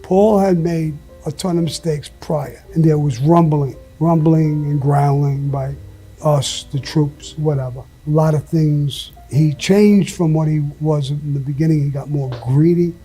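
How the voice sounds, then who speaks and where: Over faint music, an interviewed man with a slightly high, dark-toned voice talks at a normal speed. His stories are profane and blunt, packed with emphasis and frequent swearing, with the occasional laugh breaking in.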